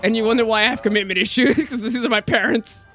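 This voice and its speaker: A man's voice: sits high, fast talker, fairly bright tone, soft background music. A young man streaming a game, ranting casually and swearing a lot as he acts out what people said to him. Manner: ranting, profane, mimics people he quotes. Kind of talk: casual rant while streaming.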